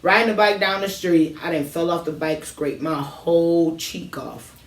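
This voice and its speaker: A woman in casual chat, telling animated childhood stories full of slang. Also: on the low side, moderate pace. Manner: animated storytelling, heavy slang. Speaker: co-host. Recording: roomy, distant from the mic.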